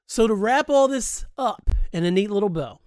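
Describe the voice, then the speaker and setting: A man's voice: high-pitched, animated, moderate pace, darkish tone, dry recording, studio quality. A man hosting a podcast, talking candidly and emphatically in a personal monologue, swearing freely. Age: adult, grew up past high school. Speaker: podcast host.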